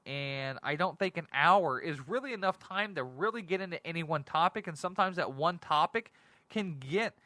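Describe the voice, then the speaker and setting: A man hosting a casual solo talk show, rambling and excitable, often laughing at himself. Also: sits high, no room sound. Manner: rambling, giggly, self-deprecating; excitable and animated. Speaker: podcast host.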